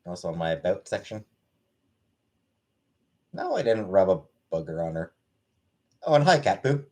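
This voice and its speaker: A man's voice: low voice, sing-song, normal speed, a little mellow. A man hosts a laid-back livestream from his home, reading out chat messages and thanking viewers one by one. His voice swings up and down a lot as he talks, and he rambles loosely from one comment to the next. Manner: rambling, thanks chatters by name, baby-talks to his pet. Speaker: livestream host.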